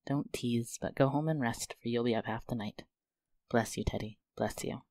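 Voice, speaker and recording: A man's voice: medium pitch, moderate pace, a little mellow, no echo, natural voice. A man voicing a fiery, tender-hearted young woman in a storybook reading, speaking emotionally. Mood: flustered. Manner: emotional, pleading then joyful.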